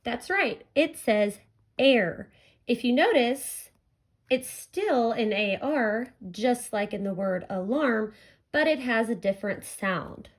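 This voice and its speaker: A woman teacher walks young children through a phonics lesson, talking slowly and clearly. She stretches out each vowel sound so the kids can hear it, and her voice sits a little on the high side. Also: animated.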